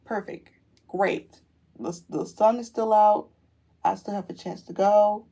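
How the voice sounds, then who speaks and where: A young adult woman telling a story casually while doing her makeup, animated and slangy, quoting people as she goes. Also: mid-range voice, measured pace. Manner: animated, slangy retelling with quoted voices. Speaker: beauty vlogger.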